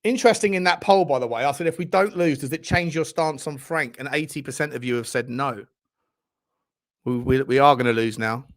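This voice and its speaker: During a live football watchalong, the young host of a fan channel unleashes a furious, profane rant at the referee, speaking fairly quickly at medium pitch.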